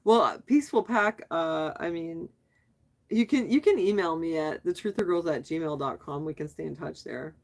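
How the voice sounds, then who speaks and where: A middle-aged woman hosts a relaxed livestream, reading viewer comments and answering them in an easy, chatty way. Her voice sits a little low for a woman, and she often fires questions back at her viewers and breaks into laughter. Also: moderate pace. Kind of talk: casual live chat.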